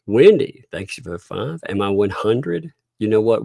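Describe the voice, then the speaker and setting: The host, a middle-aged man, keeps his livestream casual, chuckling often as he reads out and thanks donors. His voice is on the low side, creaky and warm, a little slow, with lively intonation. It's a dry, clean studio recording.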